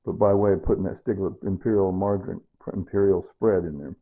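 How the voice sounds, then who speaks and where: A man's voice: deep voice, steady tone, fairly quick, breathy edge. A man talking a home cooking video through in a casual, rambling way, repeating himself as he goes. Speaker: home cook. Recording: tinny phone-like audio.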